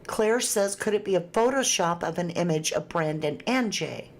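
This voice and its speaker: A woman's voice: fairly low pitch, expressive, normal speed. A woman hosting a casual livestream, chatting and reading viewer comments aloud with frequent laughs. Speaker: true crime livestream host.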